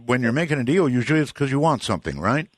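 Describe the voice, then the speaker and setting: A man's voice: mid-range voice, big pitch swings, very fast, no echo. An older man hosting late-night call-in radio, with dry, wry asides. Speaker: radio talk show host. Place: radio studio. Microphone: studio microphone.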